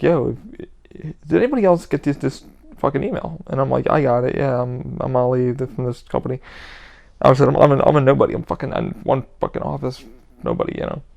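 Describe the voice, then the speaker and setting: A man's voice: mid-range voice, creaky, a little mellow. A man hosting his own podcast, talking alone in a rambling, profane way and acting out what his friends said. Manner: rambling, profane, quick to act out quoted friends. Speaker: podcast host. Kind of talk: casual solo podcast monologue.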